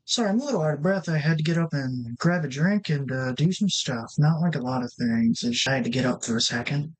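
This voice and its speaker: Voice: medium pitch, a little fast, low-quality recording. A let's-play host giving casual gameplay commentary, rambling and thinking aloud with many restarts while talking straight to the viewers.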